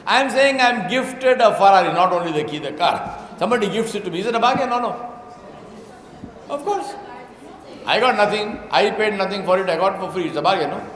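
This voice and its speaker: A man's voice: high-pitched, animated, normal speed, long pauses, a bit bright. A man giving a religious talk to an audience, telling stories and often asking rhetorical questions. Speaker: Islamic speaker. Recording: echoey hall with faint background noise.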